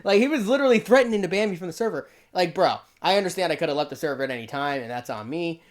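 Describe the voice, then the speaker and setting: Lively, defensive young guy reacting. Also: on the high side, rapid-fire. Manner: defensive, laughs often, says "bro" a lot. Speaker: YouTuber reacting to a video. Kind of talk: casual reaction commentary.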